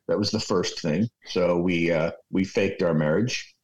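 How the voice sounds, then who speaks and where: Veteran radio man, 60s, lowish voice; loose, profane storyteller on a video call. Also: unhurried, darkish tone, dull audio. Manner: rambling, profane anecdotes. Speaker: radio program director guest. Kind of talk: storytelling interview.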